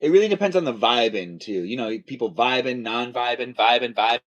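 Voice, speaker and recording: A young man chatting casually on a live stream, rambling playfully from topic to topic and now and then breaking into high squealing calls. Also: animated, fairly quick, a bit bright, lo-fi sound. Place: home studio near a garage.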